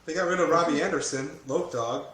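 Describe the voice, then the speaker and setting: A man's voice: a little high, fairly quick, a bit bright. A man chatting casually and animatedly, laughing as he talks. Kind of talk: casual chat. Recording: very echoey room.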